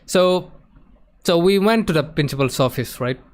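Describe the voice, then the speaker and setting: A man streaming, telling a personal story in an emotional, animated way and acting out the other people's voices. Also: a little high, moderate pace. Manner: emotional, animated retelling that acts out quoted voices. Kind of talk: casual storytelling on a live stream.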